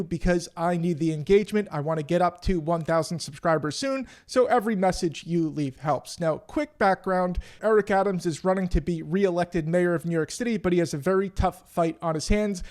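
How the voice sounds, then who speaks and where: A man's voice: high voice, darkish tone. A man giving casual, blunt marketing commentary to camera, wry, with frequent restarts.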